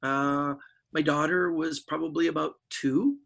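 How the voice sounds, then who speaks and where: High, bright man telling stories. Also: measured pace, creaky, low-quality recording. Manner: animated storyteller acting out quoted voices. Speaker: guest magician. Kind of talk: casual storytelling interview.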